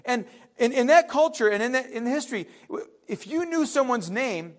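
A man preaching a sermon in a conversational way, with dramatic pauses and acted-out quotes. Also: extremely high pitch, expressive. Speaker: pastor.

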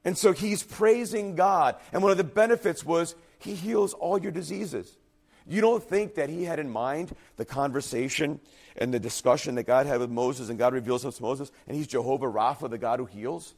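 An earnest male pastor delivers a sermon with fervent emphasis, his voice a touch higher than most men's. At moments his voice falters and sinks to a quiet, husky tone. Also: normal speed. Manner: earnest, emphatic preaching with rising intensity.

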